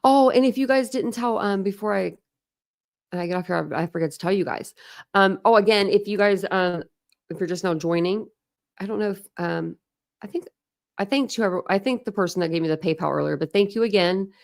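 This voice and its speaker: Gravelly-voiced young woman chatting rambly. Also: mid-range voice, a little fast. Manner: rambling, chatty, many "like"s and restarts. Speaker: true crime channel host. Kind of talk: casual livestream chat with viewers.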